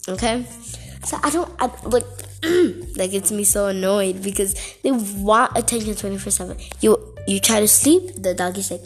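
A woman's voice: mid-range voice, moderate pace. Woman vlogger, casual exasperated rant with lots of "like" and "okay", faint music under the voice.

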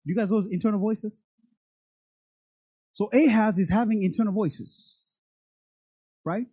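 Animated preacher mid-sermon, repeats words, calls out to the congregation. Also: medium pitch, measured pace, husky, no room sound. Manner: animated, stammers and repeats words, laughs between lines; speaks directly to the congregation, acting out God's voice.

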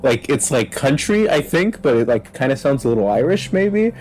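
A man's voice: mid-range voice, big pitch swings, moderate pace, darkish tone, rough recording. A man in a casual podcast chat, rambling and filling his talk with "like" as he retells scenes and laughs.

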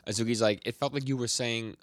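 A man's voice: mid-range voice, fairly even intonation, fast, dry recording, studio quality. A man co-hosting a podcast, casually recapping manga chapters and quoting the characters with small voice shifts and frequent laughs. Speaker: podcast co-host.

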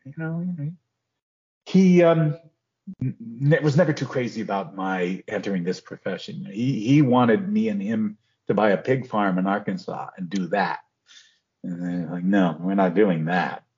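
Husky older man telling stories. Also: on the low side, muffled recording. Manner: animated storyteller, acts out quotes. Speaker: guest actor. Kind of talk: casual storytelling interview.

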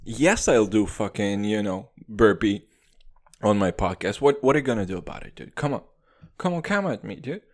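Man, podcast host, profane comic rant, lively pitch swings. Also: moderate pace. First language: Russian. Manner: profane, animated ranting with constant "dude".

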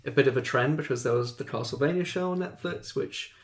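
A man co-hosting a casual podcast, adding steady explanations and brief interjections. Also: mid-range voice, quick pace. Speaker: podcast co-host. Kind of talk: casual chat.

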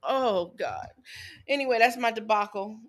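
A woman's voice: a little high, unhurried. A woman in her thirties, a podcast co-host, telling a story in casual chat and acting out what her kids and her ex said. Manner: animated, acts out quotes of her kids and ex.

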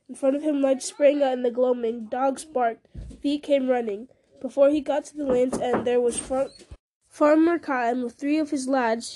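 A woman narrating a story aloud in a brisk, even reading style. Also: high voice. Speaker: audiobook narrator.

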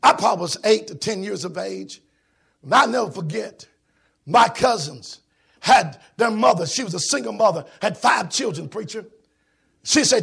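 A man preaching a sermon in a church, shouting in a sing-song preaching cadence with a raspy voice. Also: sits high, animated, moderate pace.

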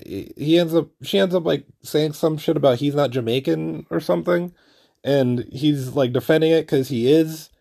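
A man hosting a podcast, telling a rambling, profane story with lots of fillers and restarts, acting out the people he quotes. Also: mid-range voice. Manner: acts out quoted people in animated bursts. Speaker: podcast host. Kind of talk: casual storytelling monologue.

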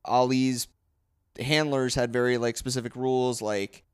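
A man's voice: mid-range voice, steady tone, measured pace, clean tone, no room sound, clean studio sound. A man co-hosting a casual podcast, explaining history in a rambling way with many fillers and restarts. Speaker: podcast co-host. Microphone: close podcast mic.

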